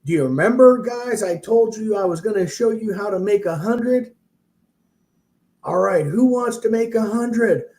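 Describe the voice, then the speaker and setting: A man voicing a hyped male real-estate seminar guru with a Southern accent, pumping up a crowd. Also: measured pace. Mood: fired up. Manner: fiery, shouting crowd-pumping pitch.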